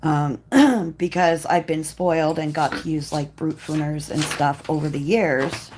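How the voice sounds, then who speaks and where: A woman hosting a live coloring stream, chatting casually in a rambling way and often clearing her throat as she works. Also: low-pitched, slow pace, background noise. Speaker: coloring livestream host. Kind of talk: casual livestream chat while coloring.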